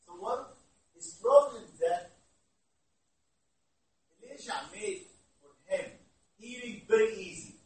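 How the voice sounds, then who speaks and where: A man's voice: sits high, expressive, takes it slowly, long pauses, a little mellow. A man with an Egyptian Arabic accent, Arabic-speaking by birth, preaching an interactive sermon, asking the listeners questions and switching between English and Arabic. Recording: echoey hall from far off.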